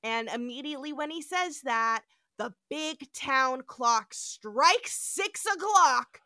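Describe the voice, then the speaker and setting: A podcast host recaps scenes in a casual, animated way, acting out the quotes as she tells the story. Her voice is high-pitched and smooth, and she takes it slowly. The studio recording is clean, with no room sound.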